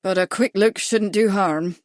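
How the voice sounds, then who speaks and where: Woman doing a gruff, brusque horse trainer. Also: mid-range voice, a little slow, no room sound, studio quality, lightly acted. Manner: brusque, curt. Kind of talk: audiobook character voice.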